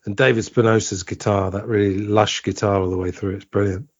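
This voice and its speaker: A low-voiced man hosts a casual podcast chat, reminiscing in an easygoing way and laughing readily. The audio is dry and a little dull, like a lo-fi home recording. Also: little pitch movement, dry recording. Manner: chatty, reminiscing, quick to laugh. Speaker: podcast host.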